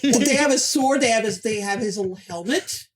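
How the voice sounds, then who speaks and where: Halting, chatty woman cohosting a podcast. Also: a little high, over a noisy crowd. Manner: halting, with many fillers and restarts. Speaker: podcast co-host. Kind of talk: casual podcast chat.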